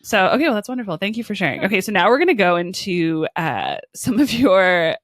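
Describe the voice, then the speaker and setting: A woman's voice: mid-range voice, very animated, a little fast, a bit bright, dry recording, clean studio sound. A woman hosting an interview, casual and encouraging, with loose, rambling phrasing. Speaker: interviewer host.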